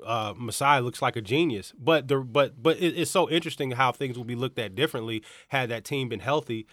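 A man with a mid-pitched voice talks sports in a casual, rambling way, restarting as he goes. The sound is dry and close. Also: a little fast, a bit bright, no echo. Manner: rambling, restarts, loose and joking. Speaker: sports talk co-host.

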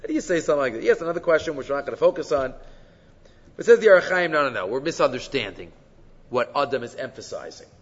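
A man's voice: mid-range voice, lively intonation, quick pace. A man, teaching a weekly Torah class, asking rhetorical questions and moving between Hebrew quotes and English explanation. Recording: muffled audio, long hall reverb.

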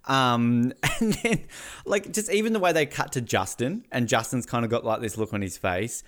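An Australian man co-hosting a podcast, recapping a reality show in casual, excitable chat full of swearing and acted-out quotes. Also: medium pitch, moderate pace. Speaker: podcast co-host.

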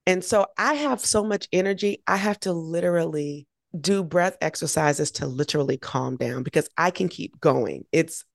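A woman guest, a triathlete and race announcer, telling her story in an energetic, animated way. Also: low-pitched, moderate pace, vocal fry, dry recording, studio quality. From United States.

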